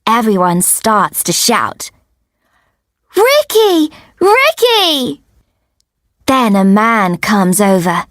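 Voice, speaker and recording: A woman narrating a simple first-person story for English learners in a clear, deliberate way. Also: mid-range voice, fairly even intonation, dry recording, clean studio sound. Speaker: audiobook narrator.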